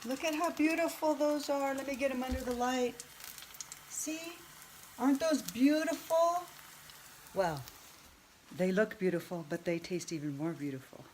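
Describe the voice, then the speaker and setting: This woman's voice sits high with a darkish tone, and she keeps a measured pace with frequent pauses. In her fifties, she hosts a casual home kitchen cooking vlog, chatting, thinking aloud, and joking at herself. The audio is poor, with a little hiss or hum over a sizzling pan and clattering dishes.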